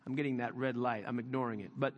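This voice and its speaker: A pastor preaching a sermon in a folksy, conversational way, rising to emphatic swells. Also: male voice, mid-range voice, steady tone, fast talker, in a large hall, dull audio.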